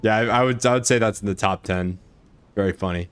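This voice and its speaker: Game streamer: a man with a lowish voice, casual and joking, rambling as he plays. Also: quick pace, a bit bright, clear, resonant tone. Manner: joking, rambling, laughs often. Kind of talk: casual gameplay commentary.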